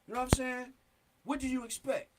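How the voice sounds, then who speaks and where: A man delivers a casual, earnest monologue as a talk show host. His voice sits high, and he presses his points hard with street slang and frequent "you know what I'm saying.". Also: little pitch movement, a little fast, background noise.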